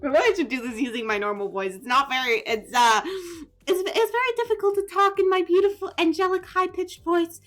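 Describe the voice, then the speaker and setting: Relaxed woman streamer chatting. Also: extremely high pitch, brisk. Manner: relaxed, slightly rambling, reads game text aloud. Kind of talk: casual chat while playing a game.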